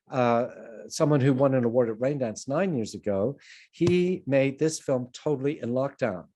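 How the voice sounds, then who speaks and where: An older Canadian film producer and lecturer gives a filmmaking talk at an online conference over a video call. His voice is warm and mid-pitched, and he's anecdotal and digressive, drifting between points and poking fun at himself.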